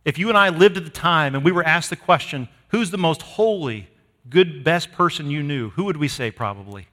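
Male pastor, high bright voice, emphatic sermon delivery, long hall reverb. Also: expressive, moderate pace. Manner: emphatic preaching, swinging from loud to hushed.

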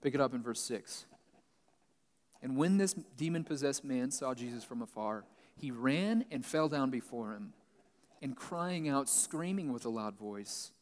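A man pastor giving Bible teaching, reading a passage and then explaining it plainly. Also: medium pitch. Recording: long reverb, large hall.

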